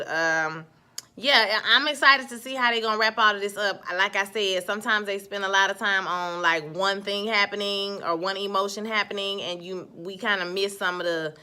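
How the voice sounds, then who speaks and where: A woman giving a casual, chatty recap of a TV episode, telling the story with lively slang asides. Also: medium pitch. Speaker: TV recap vlogger.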